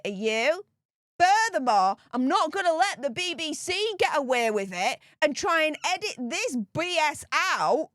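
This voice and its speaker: A woman's voice: high voice, a bit bright, dry recording, clean studio sound. A woman giving solo political commentary, reading out figures and then firing off indignant, emphatic rhetorical questions. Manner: reads out statistics slowly, checking in with "okay?".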